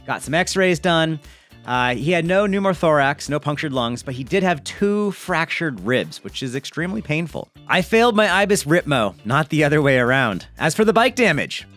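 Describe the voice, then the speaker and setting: A man hosting a mountain bike video, reading a viewer's story aloud with chatty, joking asides. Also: fairly high pitch. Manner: lively, chatty, jokey asides.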